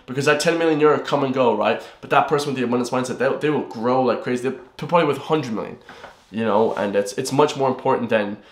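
A man's voice: medium pitch, fast. A young man giving a rambling, blunt motivational monologue to his viewers. He swears freely and keeps calling them "guys.". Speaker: fitness vlogger. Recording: roomy echo.

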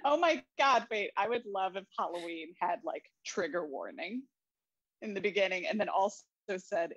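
A young woman co-host with a breathy, husky voice jokes playfully through a casual podcast chat. It is recorded close and dry, with no room sound. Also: medium pitch, lively intonation, a bit bright, no echo, dull audio. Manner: playful, joking, quick asides. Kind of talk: casual chat about a film.

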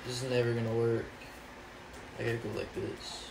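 A man's voice: mid-range voice, completely flat delivery, moderate pace, creaky. A young man co-hosting a casual podcast, joking and rambling while playing a game. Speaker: podcast co-host. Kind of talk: casual chat while gaming. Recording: roomy room with background noise.

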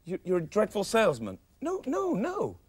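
Brief: flustered man hosting a kids' sitcom, voice fairly high and swinging wildly in pitch. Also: wildly swooping pitch, moderate pace, husky. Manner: flustered, pleading, comic. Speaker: children's show presenter. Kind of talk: sitcom comedy acting.

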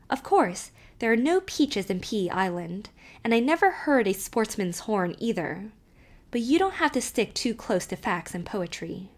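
A woman narrating an audiobook, reading a child's first-person letter aloud with expressive, varied delivery. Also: mid-range voice, a little slow.

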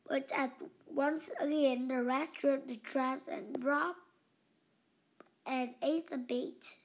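A woman reading a children's story aloud in a slow, expressive storytelling manner. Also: high-pitched. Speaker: narrator.

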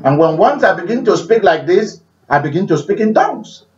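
A man preaching a sermon, repeating phrases and swinging between loud declarations and hushed prayer. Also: sits high, sing-song, brisk. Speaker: pastor. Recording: roomy, distant, dull-sounding recording.

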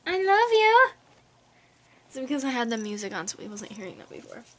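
A woman's voice: medium pitch, rapid-fire. A woman of nineteen filming a casual vlog at home, sounding tired, swearing freely and cooing baby talk at her cat. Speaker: vlogger.

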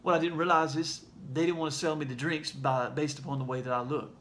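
Man, Southern accent, earnest, halting, fillers, fairly high voice, faint background noise. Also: steady tone, fairly bright tone. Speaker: ministry leader sharing a message. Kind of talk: casual heartfelt video message.

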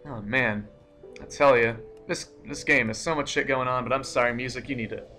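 A young man giving live commentary while playing a game, excitable, cursing often and breaking into startled outbursts. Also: medium pitch, fairly quick, faint music behind. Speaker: let's play gamer.

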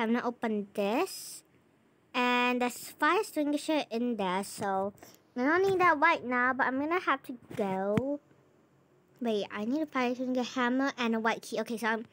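High-voiced jumpy woman gaming. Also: a bit bright. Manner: chatty, narrates every move, jumpy and easily scared; repeats herself and trails off mid-sentence. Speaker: gameplay channel host. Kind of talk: casual gameplay commentary.

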